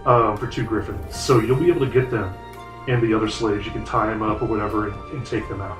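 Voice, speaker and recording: A man's voice: lowish voice, steady tone, fast, music in the background. A man running a tabletop game as game master, narrating casually with swearing and loose asides. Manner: casual, swearing, rambling with fillers.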